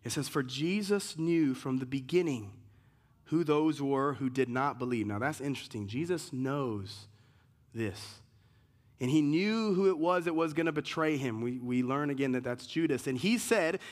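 A man's voice: fairly high pitch, moderate pace. Emphatic male pastor preaching. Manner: emphatic preaching, rises sharply when reading scripture. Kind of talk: sermon.

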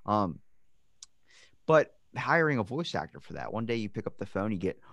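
Here is a man with a low voice hosting a podcast in loose, casual chat. He wanders off onto tangents, loses his train of thought and swears freely. The sound is dry and close. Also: big pitch swings, normal speed, creaky, fairly bright tone, dry recording. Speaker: podcast host.

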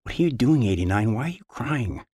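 A man reading fiction aloud, voicing a brusque, impatient man who scolds a dazed worker in clipped, gruff bursts. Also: medium pitch, very animated, a little fast, dark tone, no echo, clean studio sound. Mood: scolding.

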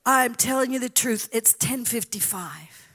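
High-voiced woman preaching a dramatic story. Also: lively intonation, a little slow, breathy edge. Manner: dramatic storytelling, swinging from whispers to loud cries. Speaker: guest preacher. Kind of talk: sermon storytelling.

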